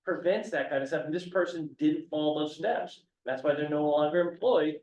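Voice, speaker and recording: A county commissioner at a public meeting speaks in a fairly high, darkish voice at a fairly quick pace, rambling with restarts and reading statute text aloud. The recording is echoey, dull, and distant, with a faint hum.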